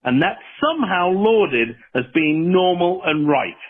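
A man in his forties with an English accent, calling in to tell a story in a dry, deadpan way. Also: sits high, unhurried, husky. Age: 40s. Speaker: caller. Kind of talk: phoned-in voicemail story. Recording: tinny phone line.

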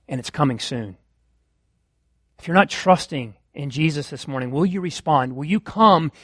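A man preaching a sermon as pastor of his church, impassioned and rising to loud exclamations. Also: fairly high pitch, no room sound, studio quality.

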